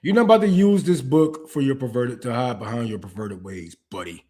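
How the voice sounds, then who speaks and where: A man's voice: mid-range voice, brisk, mellow. A man hosting a political commentary stream, ranting with profanity and rhetorical questions. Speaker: podcast host.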